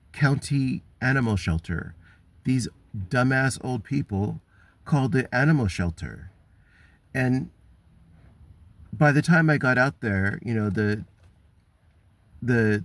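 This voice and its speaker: Male vlogger, lowish voice, dry close sound, rambling and upset. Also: dry recording. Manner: frustrated, wandering, many ums and restarts. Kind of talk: rambling personal story.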